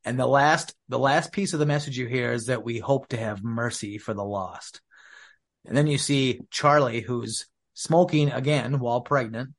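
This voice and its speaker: Man recapping film scenes, mid pitch, loose and chatty. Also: normal speed. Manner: retells scenes quoting characters in his own voice. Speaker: podcast co-host. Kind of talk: casual movie recap chat.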